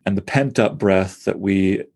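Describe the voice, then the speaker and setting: A man's voice: low-pitched, measured pace, creaky, darkish tone. A man, a poet, talking through poems in an enthusiastic, thinking-aloud conversational way. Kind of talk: conversational close reading of poetry.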